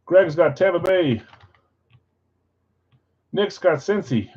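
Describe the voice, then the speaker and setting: A man's voice: sits high, lively intonation, takes it slowly, a little mellow, breathy edge. Guy running a live card break, calling names n teams, chatty, kinda muffled audio.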